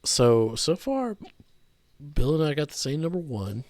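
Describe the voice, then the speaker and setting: A man's voice: fairly high pitch, sing-song, unhurried, a little mellow, no echo, studio quality. A man hosting a casual music podcast, loose and playful with some swearing. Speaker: podcast host. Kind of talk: casual chat.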